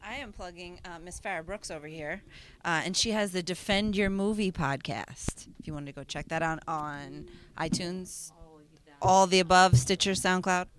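Bright-voiced giggly woman in podcast chat. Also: lowish voice, moderate pace. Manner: giggly, blurts out frank jokes. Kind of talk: casual group chat.

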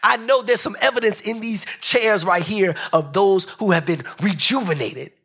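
Male pastor, husky voice, animated and conversational sermon delivery to his congregation. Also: normal speed. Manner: animated, conversational preaching with wide swings in pitch and pace. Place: church service.

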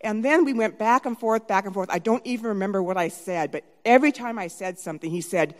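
A middle-aged woman performs a personal story live in a large hall, speaking fast in a medium-pitched voice. Her delivery is dramatic and lively, moving between whispered asides and loud outbursts.

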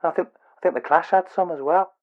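A man chats casually as a podcast guest in a matter-of-fact way. His voice sits a little high. The sound is dull and lo-fi. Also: brisk. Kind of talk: casual chat.

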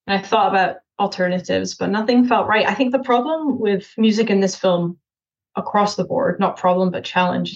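A Scottish woman, a film director, answering interview questions thoughtfully with many pauses and restarts. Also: medium pitch, muffled recording.

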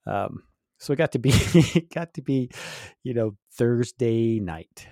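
A man in his fifties, co-hosting a podcast, telling a story in lively casual chat and laughing often. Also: medium pitch, slow, no room sound, studio quality. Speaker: podcast co-host.

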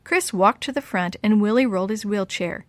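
A woman reading a chapter book aloud to children, giving the kids' lines lively voices. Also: mid-range voice, moderate pace, no room sound. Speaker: storyteller for children.

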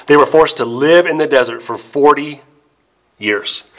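A male pastor preaching a sermon, telling the story emphatically and slowing down, dropping soft to stress key words. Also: on the high side.

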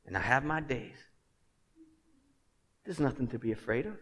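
A man preaching a sermon as pastor. He swings from hushed, earnest passages to loud, emphatic ones and jokes with the congregation. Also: medium pitch, expressive, normal speed. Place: church sanctuary. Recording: long reverb of a large hall.

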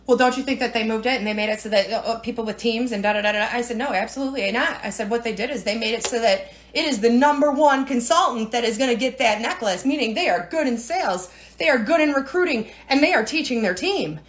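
Woman, high voice, chatty and teary, rambling livestream talk from home. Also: quick pace, hardly any pauses. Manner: chatty, rambling, emotional, frequent "right?" and "you know". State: tearful, near crying. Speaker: direct-sales team leader. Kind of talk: casual livestream talk to viewers.

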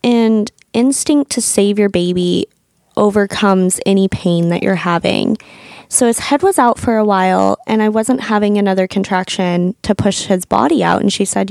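A woman's voice: medium pitch, normal speed, vocal fry, darkish tone, no room sound, studio quality. A woman in her thirties, a podcast host and doula, telling her own birth story in a candid, emotional way that includes swearing.

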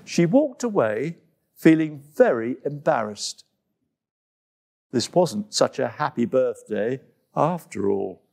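A man narrating a children's storybook in an expressive, unhurried way. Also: medium pitch, vocal fry.

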